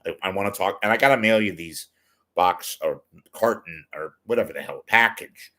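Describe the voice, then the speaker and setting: With a low, animated voice that's a bit bright and moves at normal speed, this older livestream host keeps the chat casual, rambling along and joking at his own expense.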